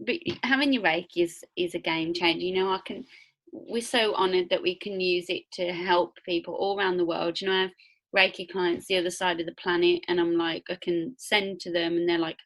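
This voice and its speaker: A woman's voice: on the low side, fairly even intonation, brisk, fairly bright tone. A woman hosting a spiritual podcast, talking in an enthusiastic, chatty and emphatic way. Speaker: podcast host, Reiki and spiritual coach. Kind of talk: casual conversational interview.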